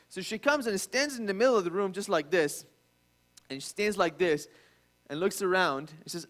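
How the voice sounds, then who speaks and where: A high-pitched man in his thirties preaches to his congregation. He tells a family story with frequent restarts, then climbs into loud, emphatic bursts on his main points. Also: fairly quick. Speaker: pastor. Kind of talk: sermon.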